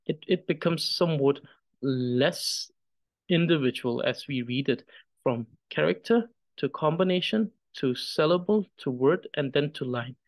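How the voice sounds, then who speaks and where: A man teaching a reading lesson, patient and measured, demonstrating pronunciation slowly syllable by syllable. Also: mid-range voice, dry recording. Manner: careful, measured, pauses after each syllable when demonstrating. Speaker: Tibetan language teacher.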